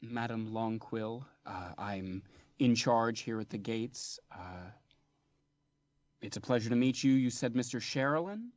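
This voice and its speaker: Gracious lady librarian in charge, put on by a man; slow and formal, lo-fi dry mic. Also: medium pitch, no echo, lightly acted.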